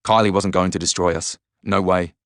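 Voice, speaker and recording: A man narrating a first-person audiobook in a measured, even storytelling manner. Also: deep voice, smooth, dry recording, clean studio sound.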